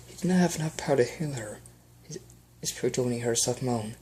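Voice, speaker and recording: A man's voice: mid-range voice, fast, a little mellow, slight background noise. A man earnestly reading fan fiction aloud as an amateur audiobook, with small slips.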